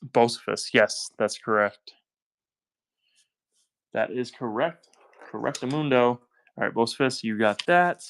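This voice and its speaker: A man's voice: mid-range voice, lively intonation, slow, pauses often, fairly bright tone, clean tone, dry recording. A man with a Southern US accent hosting a live-stream coin auction, talking in upbeat, chatty selling patter and thanking buyers by name.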